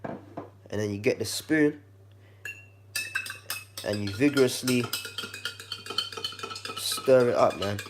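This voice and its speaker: A man with a slightly croaky, congested voice, giving a laid-back how-to demonstration in his kitchen and talking to the viewer like a friend. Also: medium pitch, slow pace, pauses often, background noise. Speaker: vlogger.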